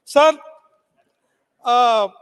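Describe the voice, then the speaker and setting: A man's voice: very high voice, very slow, fairly bright tone, smooth. A man from Odisha, giving a formal speech as a member of parliament and starting nearly every phrase with "sir". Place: large legislative chamber. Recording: long reverb of a large chamber.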